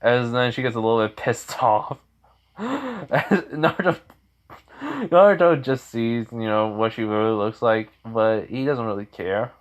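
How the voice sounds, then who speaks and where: A man's voice: medium pitch, lively intonation, unhurried, muffled recording. A man casually improvising a story aloud, rambling with frequent fillers and self-corrections.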